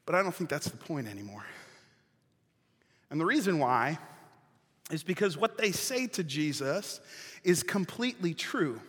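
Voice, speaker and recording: A man preaching a sermon as pastor, telling the story with lively humor. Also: fairly high pitch, unhurried, long pauses, husky, in a large hall.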